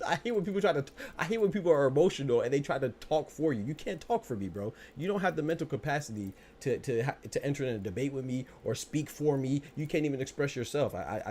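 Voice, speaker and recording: A male podcast host from the United States talks quickly, with a mid-range voice. He argues back at his live chat in a combative way, stammering and restarting. He keeps circling back to the same points. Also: medium pitch, a little mellow, a little hiss or hum. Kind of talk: live-stream podcast talk, answering chat.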